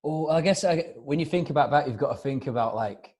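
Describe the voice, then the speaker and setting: A man's voice: a little high, brisk, a little mellow, slightly rough. A man with an English accent, chatting as a guest musician on a video call, rambling and laid-back, cursing freely. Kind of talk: casual chat.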